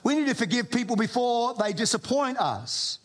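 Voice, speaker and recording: An Australian man preaching to a congregation, his voice sitting very high for a man. He delivers the sermon in a loose, conversational way, slipping in jokes and often restarting his phrases. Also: lively intonation, normal speed. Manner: conversational preaching with humorous asides and repeated restarts. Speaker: pastor. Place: church before a congregation.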